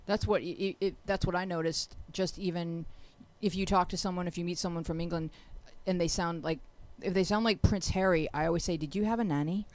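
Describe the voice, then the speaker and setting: A woman's voice: on the low side, steady tone, darkish tone. Bubbly young woman talk show host. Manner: bubbly, joking, quick questions. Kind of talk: casual talk show interview.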